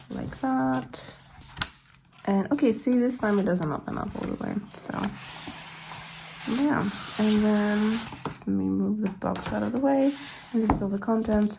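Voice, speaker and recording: A woman's voice: medium pitch, creaky, noisy background. A woman chatting casually as she unboxes and shows off her album collection, gushing and rambling with little laughs. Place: at home, living in London.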